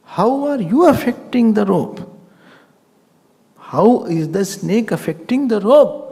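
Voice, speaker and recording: A man, a swami giving a spiritual discourse as an animated storyteller who acts out other people. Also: sits high, takes it slowly, creaky. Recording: long reverb in a hall.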